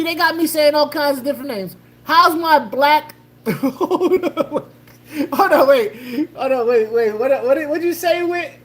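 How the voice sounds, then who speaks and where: A woman hosting a casual livestream, joking loosely with slang, laughing and greeting chatters by name. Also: sits high. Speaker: livestream host.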